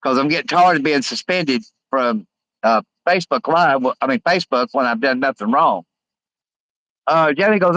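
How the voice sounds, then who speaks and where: Man, livestream host, halting rambling delivery, slightly high, dry close mic. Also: expressive, a bit bright, no room sound, poor audio. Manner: rambling, halting, many uh fillers. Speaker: live stream host. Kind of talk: casual live stream chat, reading comments aloud.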